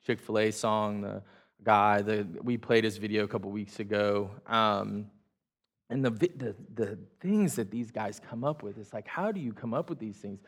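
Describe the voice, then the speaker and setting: A man's voice: fairly low pitch, normal speed. A man leading a church gathering, talking casually to the congregation with self-deprecating jokes, many fillers and restarts. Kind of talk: casual joking talk to a congregation. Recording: reverberant hall sound.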